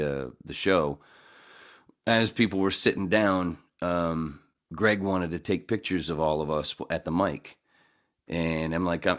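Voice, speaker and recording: A man chatting casually and rambling, halting and restarting often as he looks back on his comedy set. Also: sits low. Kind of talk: casual chat.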